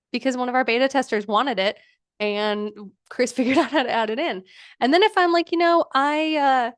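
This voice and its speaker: A young woman hosting a live workshop, walking through a design tool in a chatty, enthusiastic way with many fillers. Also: on the high side. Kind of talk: casual live screen-share demo.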